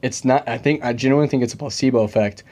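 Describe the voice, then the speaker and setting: A man's voice: mid-range voice, very fast, mellow. A young man hosting a casual podcast chat, joking and rambling with plenty of fillers. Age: young adult. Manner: chatty, joking, full of fillers. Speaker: podcast host.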